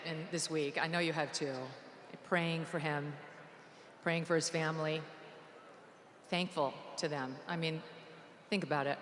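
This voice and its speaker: A woman giving a rally speech from a stage mic, her bright, cutting voice ringing through a big echoey arena with a long reverb tail. She mocks and needles, leaning hard on sarcasm and shouting her punchlines. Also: lowish voice, slight background noise. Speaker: rally speaker. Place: large indoor arena.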